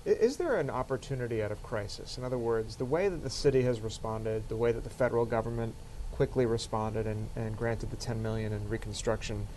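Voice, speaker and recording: A man's voice: medium pitch, fairly quick, darkish tone, a little hiss or hum, low-quality recording. A man hosting a casual talk show, conversational, reading out viewer comments and asking questions. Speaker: host.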